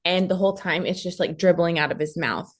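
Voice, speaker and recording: A young adult woman from Texas, a podcast guest telling a personal story in a casual, animated way and acting out what others said. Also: lowish voice, a little fast. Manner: animated, acts out quoted voices.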